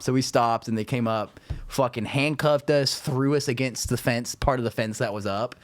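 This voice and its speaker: A man's voice: medium pitch, steady tone, a little fast, no echo. A man co-hosting a podcast, telling a rambling story in a laid-back, swearing way full of "dude" and "like". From Florida Panhandle. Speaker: podcast co-host. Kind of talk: casual storytelling chat.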